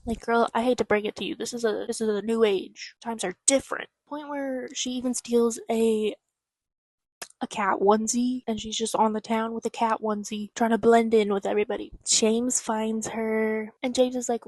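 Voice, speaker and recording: Young woman book vlogger, casual, fairly high voice, dry close sound, swears and acts out quotes. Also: fairly even intonation, moderate pace, a little mellow, no room sound. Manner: chatty, swears casually, acts out characters' lines. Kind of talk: casual spoiler recap.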